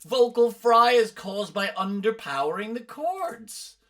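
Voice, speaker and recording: A man's voice: high-pitched, lively intonation, measured pace, a bit bright. A middle-aged man from the UK, a vocal coach commenting on other coaches' videos with emphatic, exasperated explanations. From United Kingdom.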